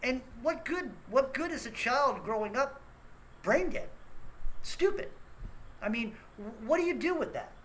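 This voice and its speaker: A man's voice: very high voice, lively intonation, normal speed, a bit bright, slight background noise, low-quality recording. A man hosting his own rant show, scolding listeners in a blunt, profane and repetitive way. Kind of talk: angry ranting monologue.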